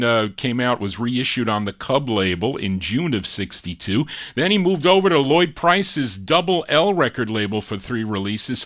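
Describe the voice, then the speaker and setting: A man's voice: medium pitch, fairly bright tone. A man hosting a live oldies record show as disc jockey, chatting casually about records and laughing at his own slips.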